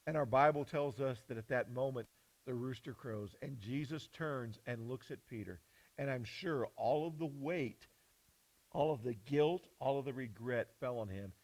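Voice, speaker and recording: A male pastor delivers a sermon, telling scripture as a story and moving between quiet, low passages and loud, high ones. The recording is rough.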